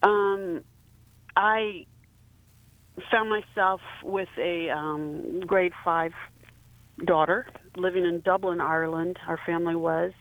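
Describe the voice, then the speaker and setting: A woman in her fifties from South Carolina calling in to a show, telling a personal story haltingly with many fillers and restarts. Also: on the low side, steady tone, dry recording. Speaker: caller. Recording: tinny phone line.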